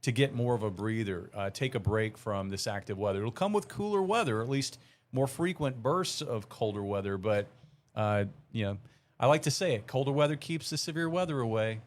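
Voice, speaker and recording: A man's voice: mid-range voice, animated, fairly quick. A man, a meteorologist on a live weather broadcast, explaining the seasonal outlook in a rambling way with many fillers.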